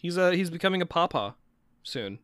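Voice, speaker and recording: A man's voice: high-pitched, sing-song, brisk, a bit bright, no room sound, studio quality. A man co-hosting a casual podcast, rambling with many restarts and casual swearing. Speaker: podcast co-host. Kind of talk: casual chat.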